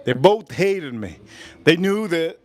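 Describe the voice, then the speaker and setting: A man in his forties from the United States talks loosely to his livestream audience while he cooks, with a voice pitched a little above most men's. He rambles, circles back and repeats the same phrases while he hunts for the next words. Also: very animated, takes it slowly. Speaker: livestream cooking host. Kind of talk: casual livestream chat.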